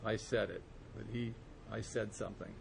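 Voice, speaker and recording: A man giving a personal recovery testimony to a group, earnest and storytelling, slowing and softening at quiet moments. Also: on the low side, steady tone, creaky, a little hiss or hum. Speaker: speaker sharing his recovery story.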